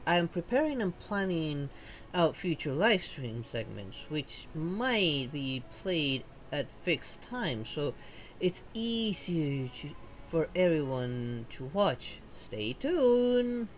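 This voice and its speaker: A woman voicing a perky young foxian livestreamer in a video game, talking in a chirpy, bubbly way with playful squeals, at a slow, unhurried pace. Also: sits low, sing-song, slight background noise, heavily acted.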